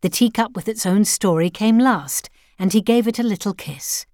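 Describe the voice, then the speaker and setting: A woman reading a first-person story aloud in a measured, wry storytelling manner. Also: medium pitch, warm tone, dry recording, clean studio sound. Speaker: narrator.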